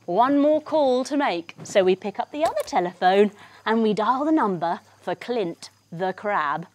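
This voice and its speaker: A woman's voice: mid-range voice, expressive, measured pace, a little mellow, a little hiss or hum. A woman leading a children's yoga lesson as a story. She talks in a bubbly, encouraging, sing-song way. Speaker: kids' yoga teacher and storyteller.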